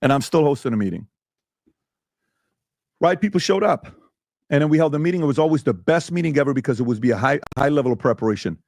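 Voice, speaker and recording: A man's voice: a little high, lively intonation, fast talker, long pauses, darkish tone, no room sound. Guy hosting a podcast, heated, hammering rhetorical questions, voice swings up and down a lot, dead dry mic. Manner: emphatic, fires rhetorical questions. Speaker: podcast host. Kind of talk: heated debate.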